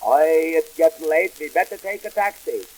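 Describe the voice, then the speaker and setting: A man playing Cohen, a wisecracking immigrant comic businessman, in 1920s vaudeville comedy record style with deadpan punchline patter. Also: a little high, moderate pace, very noisy, lightly acted. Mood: bickering.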